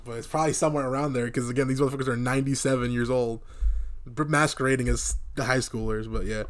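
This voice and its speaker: A man's voice: medium pitch, steady tone, fast. Male podcast co-host, casual and profane, riffs through anime episodes and slips into mocking voices. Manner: profane, jokey, does mocking character voices. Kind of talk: casual crude anime recap chat.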